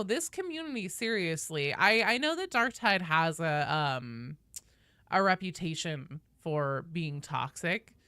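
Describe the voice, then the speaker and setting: A woman's voice: low voice, bright, forceful tone, dry recording, studio quality. A woman streaming a game live, chatting casually and playfully with viewers and swearing freely.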